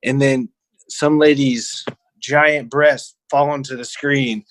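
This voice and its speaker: A man's voice: medium pitch, fairly even intonation, slow, a bit bright, no room sound. A man co-hosting a podcast, chatting casually and teasing his co-host with jokes. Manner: joking, teasing interjections. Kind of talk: casual chat.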